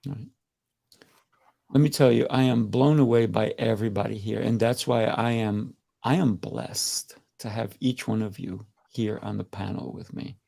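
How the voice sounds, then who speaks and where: A man's voice: fairly low pitch, moderate pace, vocal fry, mellow, breathy edge. A man hosting a panel on a video call, full of effusive praise and often repeating himself. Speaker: host.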